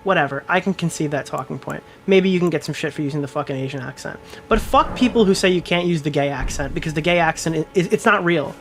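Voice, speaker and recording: A man casually commentating on his livestream, rambling excitably with lots of swearing. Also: a little high, fast, few pauses, faint music behind.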